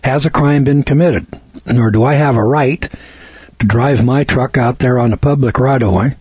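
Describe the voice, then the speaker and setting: A man's voice: mid-range voice, moderate pace, darkish tone, husky, dry recording. A man giving a seminar lecture, telling a story in a folksy, colloquial, emphatic way, on a dull lo-fi recording. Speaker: seminar speaker.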